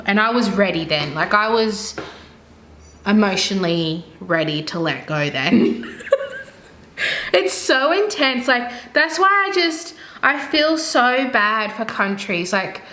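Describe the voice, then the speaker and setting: A woman's voice: mid-range voice, big pitch swings, slow pace, sharp tone. A young woman and mother chatting casually while she does her makeup, rambling and thinking aloud as she goes. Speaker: beauty vlogger and mother. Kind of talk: casual get-ready-with-me chat. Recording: roomy echo with faint ambient noise.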